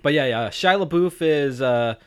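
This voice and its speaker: A man hosts a casual movie review show in an easygoing, rambling way. His voice sits a bit high for a man, and he chuckles often as he goes. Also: moderate pace, smooth. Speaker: podcast host.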